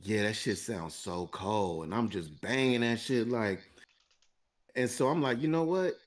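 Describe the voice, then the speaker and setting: A man's voice: lowish voice, measured pace. A man co-hosting a podcast, telling a long story in a casual, profane, rambling way and laughing between lines. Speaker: podcast co-host.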